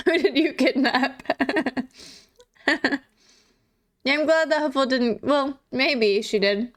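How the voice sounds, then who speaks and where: Giggly high-voiced woman streamer. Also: takes it slowly. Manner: giggly, chatty, reads chat aloud. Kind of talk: casual live-stream chat.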